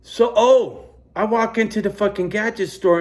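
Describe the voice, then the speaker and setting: Guy ranting into his phone, cussing nonstop, kinda high voice, all over the place. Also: moderate pace, few pauses. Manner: heavily profane, animated rant. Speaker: vlogger. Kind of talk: rambling casual storytelling. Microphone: phone camera.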